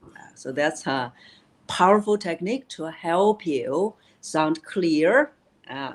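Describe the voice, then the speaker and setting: A woman's voice: sits low, lively intonation, unhurried, rough recording. A woman voice coach explaining vocal technique in an interview, with many "uh" fillers and key phrases repeated.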